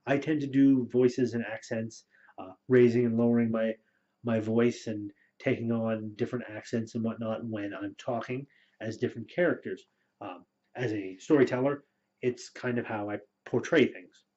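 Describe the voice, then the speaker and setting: A man's voice: medium pitch, normal speed. Man giving rambling game advice, dull audio. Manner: relaxed, rambling with frequent fillers. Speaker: storyteller and game master. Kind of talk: casual spoken advice video. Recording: dull lo-fi recording.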